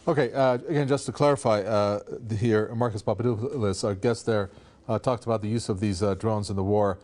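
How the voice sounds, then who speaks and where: A male interviewer with a fairly low voice, putting questions to a guest on a news program. His delivery is hesitant and full of fillers as he frames each question. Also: fairly even intonation, a little fast, a little mellow.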